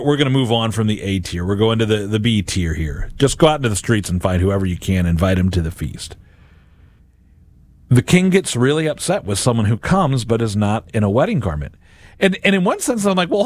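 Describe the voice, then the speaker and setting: A man's voice: mid-range voice, no room sound, clean studio sound. A middle-aged man, a radio and podcast host, giving a Catholic reflection on Scripture and acting out imagined voices in quotes.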